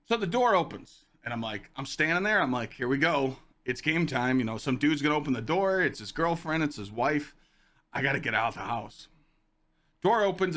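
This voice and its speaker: A young man hosting a casual podcast stream, telling stories to chat in a lively, swearing, animated way. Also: a little high. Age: young adult. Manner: animated, swearing, acts out quoted lines in a raised voice. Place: home streaming room with dog on lap.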